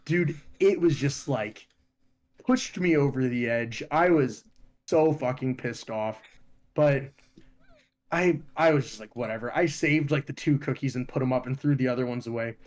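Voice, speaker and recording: A young man from Ohio co-hosting a podcast, telling stories in a profane, animated way. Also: medium pitch, a little slow. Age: young adult. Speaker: podcast co-host. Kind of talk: casual chat.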